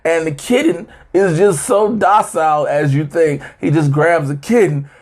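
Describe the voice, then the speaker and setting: A man co-hosting a casual TV review, recapping an episode with animated banter and squeaky voices for the characters. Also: unhurried. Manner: animated, acts out characters in high squeaky voices, laughing often. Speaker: co-host of a TV review show.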